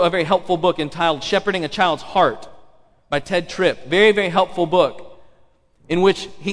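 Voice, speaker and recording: A man's voice: sits high, fairly bright tone. A male pastor preaching a sermon, emphatic, repeating key phrases and asking the congregation rhetorical questions. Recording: long hall reverb.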